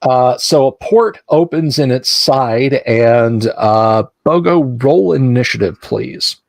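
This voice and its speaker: A man narrating as game master, describing scenes in a halting way with frequent fillers. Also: medium pitch, vocal fry, no room sound.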